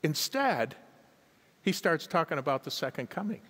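A man's voice: on the high side, big pitch swings, normal speed, a bit bright. A man preaching a sermon as a guest pastor in a large church, emphatic, chuckling at his own asides and calling on the congregation to answer. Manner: emphatic, calls on the congregation to respond. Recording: long hall reverb in a church.

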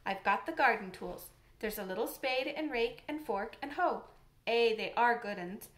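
A woman's voice: a little high, animated, a bit bright. A woman doing a cheery country boy. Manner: quick, easy, good-humoured.

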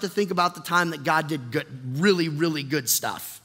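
A man preaching a sermon as pastor, impassioned, swinging from hushed reflection to loud urgent questions. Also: a little high, normal speed, hardly any pauses. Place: church sanctuary. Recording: long hall reverb.

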